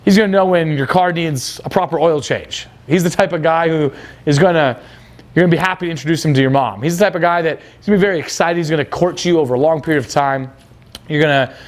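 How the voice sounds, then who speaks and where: A young man coaching on dating, blunt and crude, acting out quoted dialogue. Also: on the high side. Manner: blunt, casual, crude slang. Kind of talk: coaching talk.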